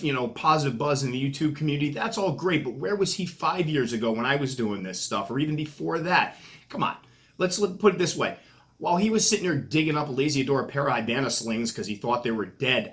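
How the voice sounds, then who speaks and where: A man's voice: medium pitch, a bit bright. Joking New England man talking to camera. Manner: joking, self-mocking trash talk. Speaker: tarantula keeper and channel host. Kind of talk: casual vlog talk to camera, mock fight interview.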